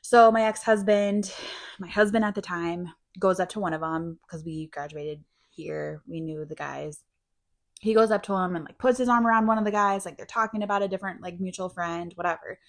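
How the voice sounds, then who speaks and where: A woman's voice: on the low side, brisk. A woman co-hosting a podcast, telling a long, rambling personal story in a casual, filler-heavy way. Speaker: podcast co-host.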